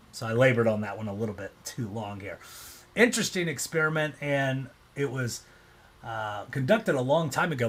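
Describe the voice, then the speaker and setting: A man's voice: mid-range voice, a bit bright, husky. A man presenting a casual explanatory talk, loose and conversational, often acting out quoted reactions.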